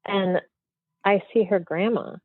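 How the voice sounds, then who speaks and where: A woman with a mid-range voice speaks slowly as a guest in a casual interview, telling a rambling, chatty story full of fillers. She's heard over a remote call, and the audio is dry and thin, like a phone line.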